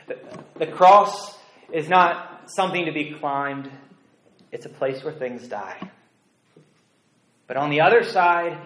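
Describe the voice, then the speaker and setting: A man preaching a sermon as a pastor, earnest and deliberate, dropping to a hush on key phrases. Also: medium pitch, roomy sound, rough recording. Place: church sanctuary.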